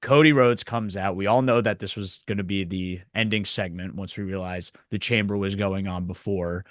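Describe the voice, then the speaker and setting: A man co-hosting a casual wrestling review podcast, telling events in an animated way with acted quotes. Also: low-pitched, normal speed, dry recording, clean studio sound. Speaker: podcast co-host.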